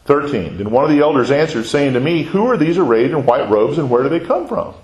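A man's voice: fairly high pitch, big pitch swings, brisk, darkish tone, lo-fi sound. A man teaching a Bible class in a conversational way, asking questions and answering them himself. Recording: very echoey room.

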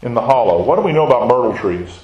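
A man's voice: mid-range voice, animated, fast, darkish tone, muffled recording. A man teaching a Bible study, talking conversationally and putting questions to the class. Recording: echoey room.

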